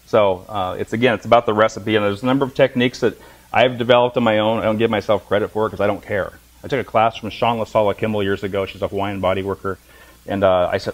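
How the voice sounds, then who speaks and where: A middle-aged man teaches a class of massage therapists, talking at a brisk clip. He tells stories with humor and acts out the voices of people in them. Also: lowish voice, fairly even intonation, rough recording. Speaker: massage instructor. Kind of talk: lecture to a class.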